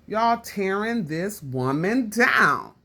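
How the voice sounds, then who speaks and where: A woman's voice: mid-range voice, animated, slow, sharp tone. Scolding woman vlogger on a rant. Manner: scolding, preachy, repeats lines for emphasis; casual slangy speech. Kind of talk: direct-to-camera commentary rant.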